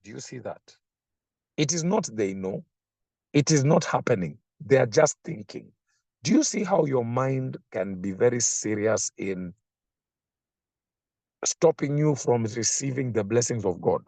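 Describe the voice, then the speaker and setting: A man preaching a sermon, slow and emphatic, repeating phrases for effect. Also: medium pitch, big pitch swings, creaky, dark tone, dry recording.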